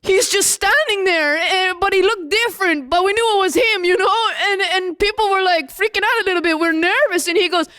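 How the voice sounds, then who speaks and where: A woman playing the apostle John as a young male disciple, telling his story in an animated first-person monologue straight to the audience. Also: extremely high pitch, fairly quick, few pauses. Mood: excited.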